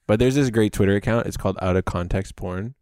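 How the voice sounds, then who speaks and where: A man's voice: on the low side, fast, darkish tone, clean tone, no echo, clean studio sound. A young man co-hosting a podcast, chatting crudely and rambling with lots of filler words. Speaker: podcast co-host. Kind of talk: casual comedic chat.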